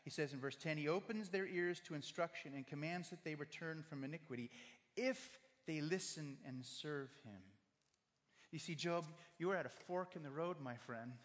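A man's voice: on the high side, normal speed. A man preaching a sermon, earnest and direct, speaking to one listener at a time and acting out quoted voices. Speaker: pastor. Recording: long hall reverb.

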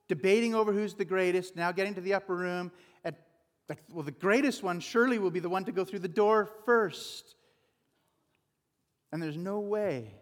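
A man's voice: fairly high pitch, big-room sound. A male pastor giving an informal, chatty sermon with conversational asides.

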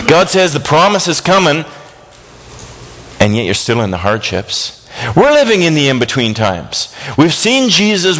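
A man preaching a sermon, swinging between high excited bursts and low hushed tones.

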